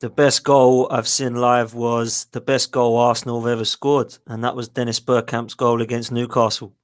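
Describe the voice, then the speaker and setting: A man's voice: mid-range voice, flat delivery, normal speed, clear, resonant tone, dry recording. Guy reminiscing about footy goals, dry sound, mid voice. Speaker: podcast co-host. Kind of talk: casual chat.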